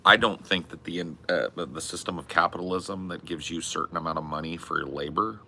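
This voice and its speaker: Man, deep, gravelly, sharp forceful tone, rambling profane podcast rant. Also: steady tone, quick pace, a little hiss or hum. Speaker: podcast co-host. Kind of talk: casual comedic rant.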